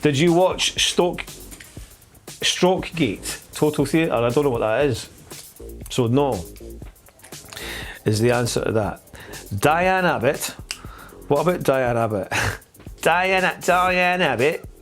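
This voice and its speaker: A man's voice: medium pitch, lively intonation, slow, pauses often. Scottish guy doing his live politics show, blunt and scornful, rambly, faint music under it. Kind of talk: casual political commentary.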